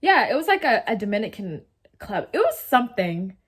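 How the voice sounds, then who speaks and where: A woman's voice: mid-range voice, big pitch swings, brisk, slightly rough. A young woman in her twenties telling a story in a rambling, slangy, casual way, full of "like" and swearing. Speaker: vlogger. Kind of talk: casual story-time chat.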